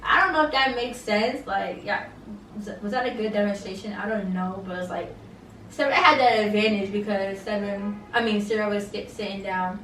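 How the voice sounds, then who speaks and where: A woman's voice: mid-range voice, normal speed, a bit bright, a little hiss or hum. A young woman recapping a reality show in casual chat, blunt and opinionated, with many fillers. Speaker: reality TV reviewer. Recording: roomy, mic at a distance, faint ambience.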